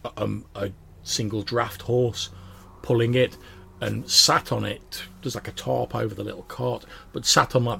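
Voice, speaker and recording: A man's voice: on the low side, gravelly, a bit bright, breathy edge. A man narrating as game master of a tabletop game, with loose, filler-heavy narration.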